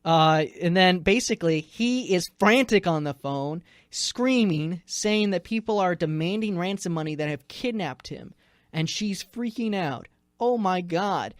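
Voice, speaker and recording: A man's voice: high-pitched, expressive, dry recording, clean studio sound. Tired, jokey radio newsman. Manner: jokey, rambling storytelling with quick asides. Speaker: news director, co-host. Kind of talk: casual chat, telling a news story.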